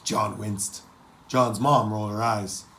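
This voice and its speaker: A man narrating an adventure story as an audiobook, with steady storytelling delivery. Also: fairly low pitch, slow, slight background noise. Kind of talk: scripted narration.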